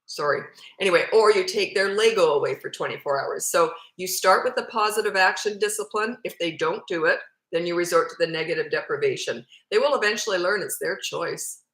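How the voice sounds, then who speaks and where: A woman's voice: lowish voice, brisk, fairly bright tone, echoey room, low-quality recording. Blunt matter-of-fact woman parenting coach. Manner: blunt, matter-of-fact, answers questions read aloud. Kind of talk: casual Q&A advice.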